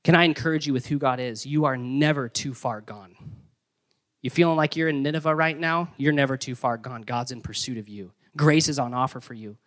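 A young man preaching a sermon in an energetic, conversational way with playful emphasis. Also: mid-range voice, fairly quick. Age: young adult. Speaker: pastor.

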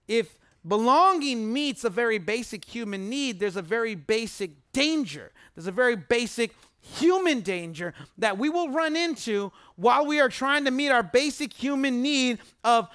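A man's voice: extremely high pitch, fairly bright tone, no echo, studio quality. A man preaching a sermon as pastor, emphatic and conversational, repeating phrases for weight and asking the congregation to answer back. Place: church service.

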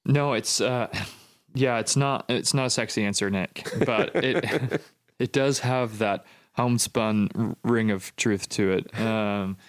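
A man's voice: fairly low pitch, fairly even intonation, slow, smooth. A man hosting a podcast, asking teasing questions and laughing often. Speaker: podcast host. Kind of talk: casual interview.

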